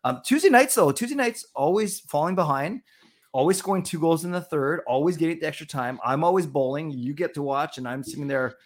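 A man's voice: a little high, animated, brisk. A man co-hosting a casual sports podcast, bantering and teasing his partner in a playful way. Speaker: podcast co-host.

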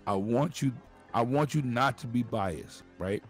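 A man from Brooklyn with a New York accent in casual, profane group banter, loudly arguing a point and cutting in to hold the floor. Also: medium pitch, unhurried, soft background music.

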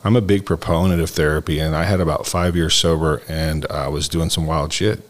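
A man's voice: extremely low pitch, fairly even intonation, brisk. An older man hosting a podcast, telling a personal story in a candid, rambling way and acting out quotes in a raised voice. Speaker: podcast host. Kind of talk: casual storytelling chat.

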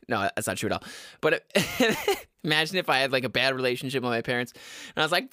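Young male podcast host, loud ranting delivery, bright forceful tone, close dry mic. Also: medium pitch, quick pace, clean tone, no echo. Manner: loud and yelling, rambling. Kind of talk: ranting comedy monologue. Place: home basement. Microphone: studio microphone.

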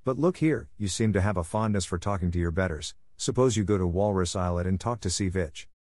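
A man's voice: low voice, fairly quick, a little mellow, no echo, clean studio sound, lightly acted. A man reading aloud and voicing an older male seal who gives advice in a chiding way. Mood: advising.

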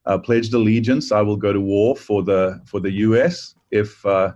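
A South African man in his fifties speaks in a rather low voice, relaxed, with plenty of small fillers. His voice comes through slightly muffled, a little lo-fi. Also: normal speed. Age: 50s. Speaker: pastor. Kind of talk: casual podcast interview. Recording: dull lo-fi sound.

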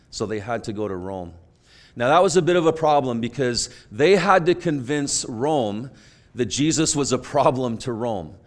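A man preaching a sermon, retelling a story earnestly and moving between hushed, quiet passages and emphatic ones. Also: on the low side. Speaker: pastor.

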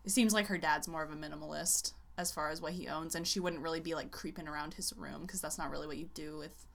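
A woman's voice: low-pitched, steady tone, quick pace, vocal fry, fairly bright tone. A young woman in casual chat, enthusiastic and talkative, laughing often as she talks about a movie.

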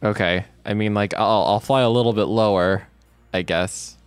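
A man joking around at a tabletop game. His voice is lowish and smooth. The sound is dry and close to the mic. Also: steady tone, moderate pace, dry recording. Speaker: player. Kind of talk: casual tabletop game chat.

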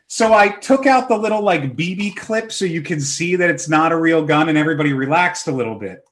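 In a casual podcast conversation, the host, a man in his thirties, animatedly spins stories that poke fun at himself. He speaks briskly with a slightly high voice.

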